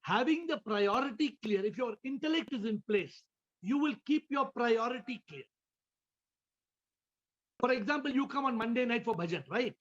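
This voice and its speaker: A man's voice: extremely high pitch, expressive, moderate pace, fairly bright tone, muffled recording. A man, a spiritual teacher, giving a question-and-answer talk over a video call, often repeating words and asking listeners questions.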